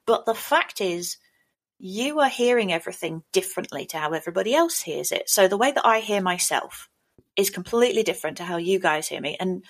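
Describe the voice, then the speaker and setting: A woman's voice: medium pitch, lively intonation, brisk. An English woman co-hosting a casual podcast chat, chatty and self-mocking, often breaking into laughs. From England. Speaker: podcast co-host.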